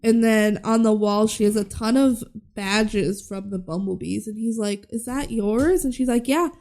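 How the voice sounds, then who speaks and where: A fairly high-voiced woman talks through a film recap with her co-host in an easy, chatty way. She often slips into quick voices for the characters and laughs a lot along the way. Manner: animated, acts out characters' lines, laughs often. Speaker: podcast co-host. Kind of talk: casual chat recapping a movie.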